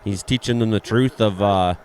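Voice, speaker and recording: A man's voice: fairly low pitch, normal speed, darkish tone. A man with a Canadian accent giving casual, sarcastic running commentary over a roadside video, swearing freely and using plenty of fillers. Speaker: host of a weather and video-review show.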